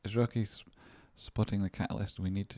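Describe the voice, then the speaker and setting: A man's voice: fairly low pitch, fairly even intonation, fairly quick, a little mellow, no room sound. A Scottish man hosting his own market analysis show, playful and chatty, talking to himself and swearing freely. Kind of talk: casual rambling market commentary.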